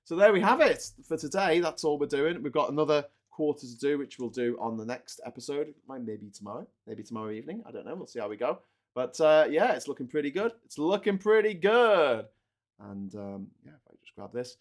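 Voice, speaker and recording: A man's voice: mid-range voice, animated, fast. A man, chatting casually and joking as he assembles a model, often correcting himself. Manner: chatty, rambling, self-correcting, jokey. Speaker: host building a model while talking. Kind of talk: casual live chat.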